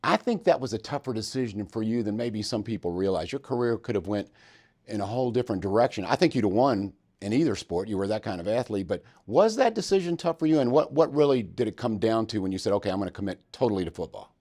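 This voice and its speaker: A man hosting a podcast, telling stories in an animated, joking way. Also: on the low side, quick pace. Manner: animated, jokey storyteller. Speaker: podcast host. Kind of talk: storytelling interview.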